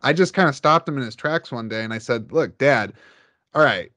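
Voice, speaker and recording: A man talks casually on a podcast, his voice sitting in an ordinary middle register. He tells his stories in an animated way, often jumping up in pitch. The sound is close and dry, with no room echo. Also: moderate pace. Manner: animated storyteller who jumps up in pitch.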